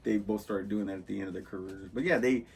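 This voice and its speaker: A husky, low-voiced man talks loosely through film scenes. He rambles and keeps acting out the characters' lines as he goes. The tone is casual, podcast-host chat. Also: quick pace. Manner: rambling, laid-back storyteller acting out movie lines. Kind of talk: casual chat about movies.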